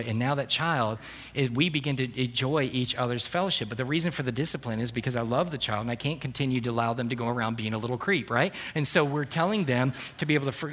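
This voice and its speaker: A man's voice: mid-range voice, fairly bright tone. A middle-aged man preaching a sermon as a pastor, telling humorous stories with asides to the congregation.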